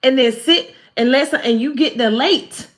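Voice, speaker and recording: A woman with a somewhat high voice giving a live-stream spiritual talk as a card reader. She is animated and humorous, preaching in a folksy, down-to-earth way. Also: normal speed.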